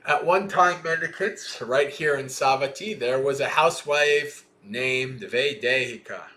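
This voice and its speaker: A man reading a Buddhist sutta aloud on a livestream and pausing to explain it in a thoughtful, questioning way. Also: medium pitch, sharp tone. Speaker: Dhamma teacher.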